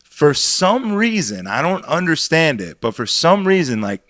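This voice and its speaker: A man's voice: on the high side, big pitch swings, measured pace, fairly bright tone, no room sound, clean studio sound. A young man co-hosting a podcast, telling a rambling, profane story about DJing in casual chat. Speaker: podcast co-host and DJ.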